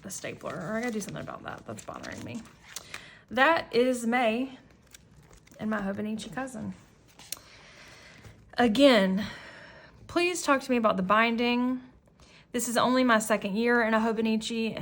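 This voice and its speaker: A woman's voice: a little high, creaky, fairly bright tone, slight background noise. A woman in her thirties chatting casually as she flips through her planner, rambling and self-deprecating, with frequent restarts and fillers. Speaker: planner vlogger.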